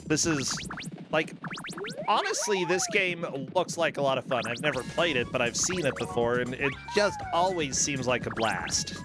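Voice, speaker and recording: A man with a mid-range voice hosts a laid-back game stream. He chats along and throws in playful, jokey remarks. Music plays clearly in the background. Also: mid-range voice, expressive, moderate pace. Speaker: show host. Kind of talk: casual joking stream chat. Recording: music playing behind.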